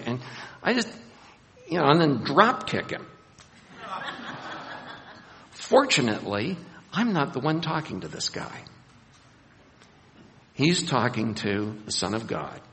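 A man preaching a sermon in a gravelly voice, his words ringing out with a long hall reverb. He is animated and acts out scenes, raising his voice for emphasis. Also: on the high side, slight background noise.

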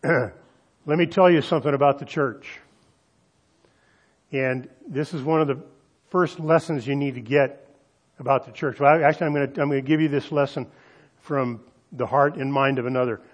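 Man preaching with slow emphasis. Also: medium pitch, steady tone. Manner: emphatic preaching with slowed, stressed phrases and audience asides. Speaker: pastor. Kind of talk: sermon.

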